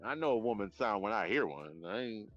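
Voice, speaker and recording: A man live-streaming outdoors at night on his phone, chatting in a rambling, profane, animated way. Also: lowish voice, brisk, dull audio, faint music behind. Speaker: livestreamer. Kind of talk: casual live-stream chat.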